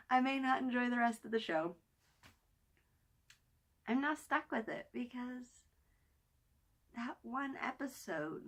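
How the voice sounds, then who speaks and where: A woman with an animated, higher-pitched voice takes her time on a casual weekly TV review vlog, leaving long pauses. She's excited and rambling, restarting and using fillers, occasionally lowering her voice to almost a whisper.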